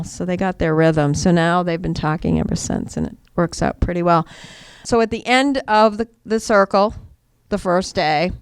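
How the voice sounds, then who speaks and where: A woman's voice: lowish voice, moderate pace, few pauses, clear, resonant tone, no echo, studio quality. A chatty woman who trains mediators, explaining her method casually, often laughing and acting out the voices of people she quotes. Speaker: restorative justice mediator and trainer. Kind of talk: casual teaching talk.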